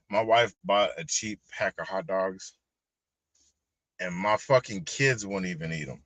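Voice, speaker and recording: A man, high and ranting with heavy profanity in a casual livestream about collectibles and prices. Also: measured pace, a bit bright, no room sound. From Texas. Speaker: collectibles channel host.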